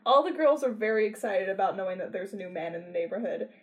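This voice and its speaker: A woman in casual conversation, working through her notes and recounting scenes in a steady way. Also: mid-range voice, fast talker. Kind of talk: casual chat.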